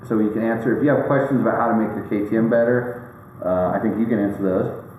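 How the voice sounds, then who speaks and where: On the low side and a little mellow, this male host keeps a steady tone at a quick pace. He rambles and jokes through a casual chat with many fillers and restarts, recorded in a very echoey room with faint noise behind him.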